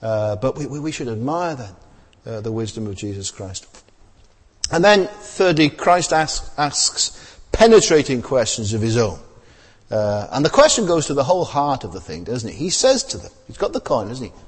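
Guy giving a sermon, lively up-and-down voice, bit husky, big echoey hall. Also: mid-range voice, moderate pace. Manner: conversational, many tag questions and fillers. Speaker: preacher.

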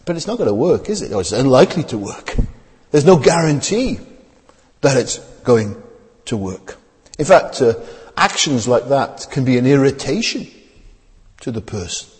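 A man's voice: mid-range voice, moderate pace, pauses often. A man preaching a sermon, asking his listeners many rhetorical questions as his voice rises and falls. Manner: rhetorical questions, lively rising and falling delivery. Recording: long hall reverb.

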